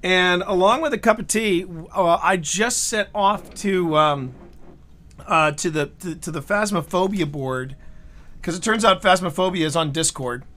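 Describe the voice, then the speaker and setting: A man with a high, bright and forceful voice chats casually on a live writing stream. He tells his stories in an animated way, tripping over and repeating words as he goes. He is speaking into a desk microphone. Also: a little slow.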